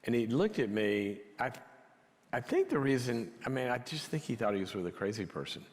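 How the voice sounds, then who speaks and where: A man telling a story as part of a teaching talk, conversational and dropping to a hush for quiet moments. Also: mid-range voice, very animated, a little fast. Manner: conversational, drops to a near whisper for quiet moments. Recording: long hall reverb.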